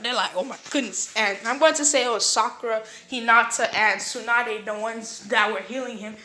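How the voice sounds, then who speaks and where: A young woman casually retells a fan-made story, rambling with lots of fillers and slipping into quick character voices. Her voice is a little high with a sharp tone, and there is slight background noise.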